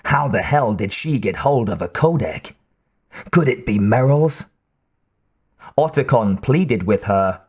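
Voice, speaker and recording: A man reading an audiobook in a slow, expressive narrating voice. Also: mid-range voice, breathy edge. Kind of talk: scripted narration.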